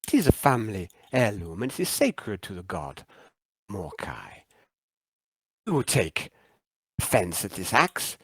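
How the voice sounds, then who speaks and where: A man's voice: on the low side, wildly swooping pitch, a little slow, long pauses, husky, no room sound, exaggerated voice. A man voicing a proud old male warrior who is defiant and unafraid of death, speaking in a solemn, grave way.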